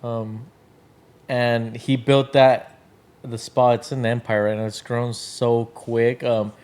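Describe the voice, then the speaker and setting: Here a man with a mid-range, smooth, slightly mellow voice chats slowly and flatly on a podcast. He founded a drink brand and comes from the Tri-Cities in Washington state. He tells stories in a rambling, filler-heavy way, performing other people's lines.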